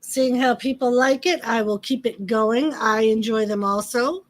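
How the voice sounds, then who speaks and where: Speaking at a measured pace in a voice on the high side, a woman runs a laid-back livestream full of wrestling commentary and chat, calling out viewers by name.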